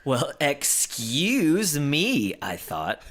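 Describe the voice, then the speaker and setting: A woman's voice: a bass voice, a little slow. A woman reading a children's book aloud on a podcast, acting out the lines with expression and joking around. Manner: reads with expressive character voices and jokes. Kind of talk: casual podcast reading and chat.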